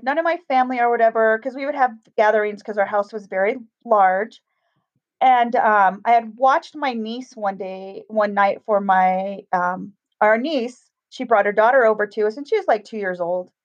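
A middle-aged woman casually telling a story, acting out the voices of the people in it. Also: on the high side. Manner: animated, acts out quoted voices. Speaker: guest telling a ghost story. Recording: dull, lo-fi sound.

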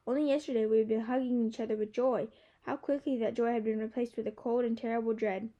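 A woman narrating a first-person novel aloud in a steady, expressive way. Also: a little high, fast, lo-fi sound. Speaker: audiobook narrator.

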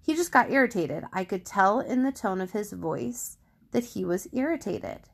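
A woman's voice: medium pitch, expressive, normal speed, vocal fry, breathy edge. A middle-aged woman hosting a personal faith podcast, telling a story candidly and thoughtfully with frequent restarts, on a studio microphone. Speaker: podcast host.

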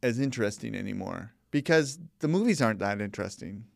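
A man's voice: on the low side, lively intonation, fast, gravelly, no room sound, clean studio sound. A man co-hosting a podcast in casual chat, chatty and exclaiming, often quoting himself. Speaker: podcast co-host, father.

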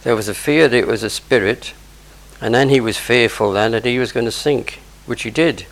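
Male preacher, gravelly, chatty explanatory sermon, mid-range pitch. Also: normal speed, low-quality recording. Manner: explains verse by verse, conversational asides. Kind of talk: sermon on scripture.

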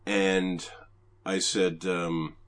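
A man's voice: low voice, drawn-out words, slight background noise. A man in casual conversation, telling stories about phone survey work and acting out the people in them. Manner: storytelling, animated when acting out quotes. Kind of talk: casual chat.

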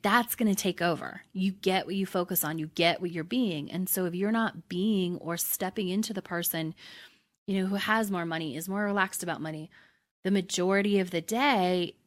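Chatty woman coach with a lowish voice. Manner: conversational, repeats "right?" and restarts often. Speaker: podcast host and manifesting coach. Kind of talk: casual teaching monologue.

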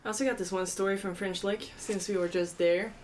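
A woman's voice: medium pitch, fairly even intonation, fairly quick, slight background noise. A woman in her twenties, a professional golfer, chatting casually and telling stories with frequent laughter. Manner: chatty storyteller, laughs often. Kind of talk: casual chat.

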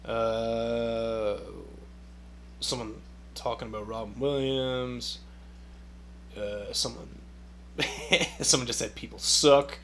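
A man's voice: medium pitch, steady tone, slow, long pauses, a bit bright, slight background noise. A man hosting a podcast in a casual solo rant, sarcastic and profane, rambling with lots of fillers. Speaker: podcast host.

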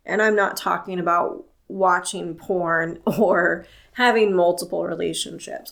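An impassioned woman hosting a solo podcast, unhurried and deliberate in her delivery. She talks candidly and earnestly, in a plain-spoken way, with a mid-range voice. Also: mid-range voice, creaky. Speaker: podcast host.

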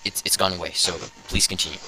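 A man's voice: low-pitched, little pitch movement, fast, rough recording. A young man hosting a casual podcast, rambling and thinking aloud as he goes. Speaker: podcast host.

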